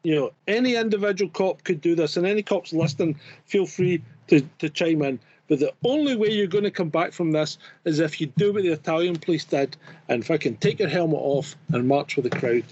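A man's voice: on the high side, brisk, a little mellow, muffled recording. A man co-hosting a live stream, talking bluntly and swearing in casual chat. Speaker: co-host.

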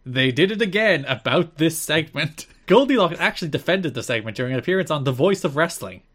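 A man's voice: fairly high pitch, lively intonation, brisk, fairly bright tone. A man co-hosting a podcast, casually recapping events in long, wry run-on retellings. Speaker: podcast co-host. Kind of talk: casual chat.

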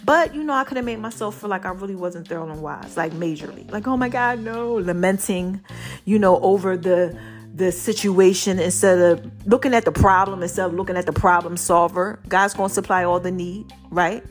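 A woman's voice: fairly low pitch, fairly quick, faint music behind. A woman hosting a casual motivational podcast, short of breath, chatty and preachy, now and then breaking into song. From Brooklyn. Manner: preachy, chatty, sings snatches. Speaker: podcast host.

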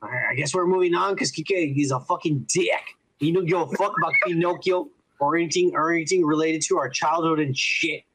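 A man's voice: a little high, a little fast, hardly any pauses, fairly bright tone, slight background noise, rough recording. A middle-aged man, co-hosting a podcast in crude, joking casual chat full of swearing. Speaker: podcast co-host. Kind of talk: casual profane chat reading viewer comments.

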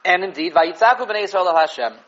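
A man giving an animated Torah class on the weekly portion, mixing Hebrew and Yiddish terms into English and repeating words as he thinks. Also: high-pitched, quick pace, dull audio, a little hiss or hum. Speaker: Torah teacher.

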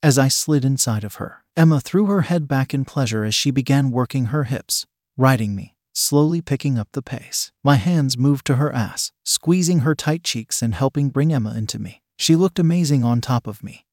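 A man giving steady, intimate first-person narration of a romantic story. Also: mid-range voice, moderate pace, no room sound, clean studio sound.

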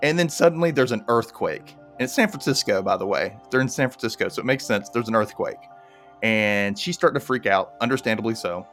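A man's voice: fairly low pitch, brisk, soft background music. A man casually recapping a TV episode with a co-host, often acting out the characters in a raised voice. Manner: animated, acts out characters in a raised voice. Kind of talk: casual chat.

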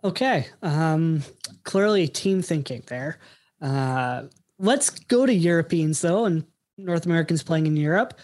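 A man's voice: fairly high pitch, animated, a little slow, darkish tone. A man hosting a casual soccer podcast, talking with many ums and uhs as he moves between segments. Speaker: podcast host.

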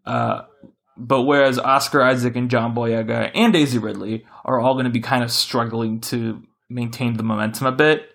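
A man hosting a casual podcast chat, rambling and correcting himself as he talks with animated shifts. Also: medium pitch, moderate pace, creaky. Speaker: podcast host.

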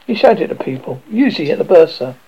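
A man's voice: on the high side, big pitch swings, brisk, slightly rough. A man narrating a novel aloud in an amateur reading, often stumbling and correcting himself. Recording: dull lo-fi recording.

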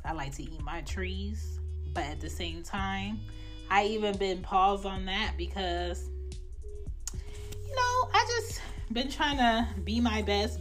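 A woman in her thirties hosting a podcast, giving life advice in a casual, blunt and profane way. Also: on the low side. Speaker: podcast host.

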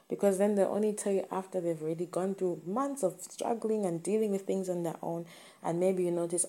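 A woman's voice: on the low side, a little fast, dark tone. A woman giving an earnest, emphatic motivational talk to camera, repeating her key points.

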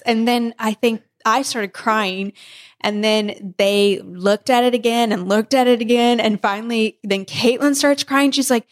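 Pregnant woman telling a lively story. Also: on the high side, normal speed. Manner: animated, laughing often, acting out family members' lines. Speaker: podcast co-host. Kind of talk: casual storytelling chat.

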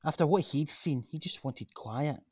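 A man's voice: fairly high pitch, normal speed, slightly rough, no room sound, clean studio sound. A man playing an earnest Glaswegian local. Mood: reflective. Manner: earnest, persuasive, animated. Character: earnest local man, grandson of a chip-shop cook. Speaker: local man pitching a gym. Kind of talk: radio drama acting.

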